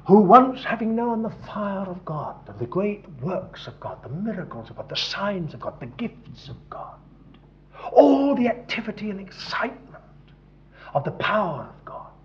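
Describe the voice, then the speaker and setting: Male preacher, lively pitch, dramatic hushes and bursts, dull lo-fi recording. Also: measured pace. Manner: dramatic, swings from hushed to loud emphasis. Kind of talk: sermon.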